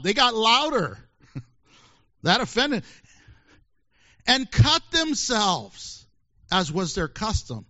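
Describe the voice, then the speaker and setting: A man preaching a sermon in a joking, animated way, acting out little voices and laughing often. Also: high voice. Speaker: pastor. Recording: dull lo-fi sermon recording.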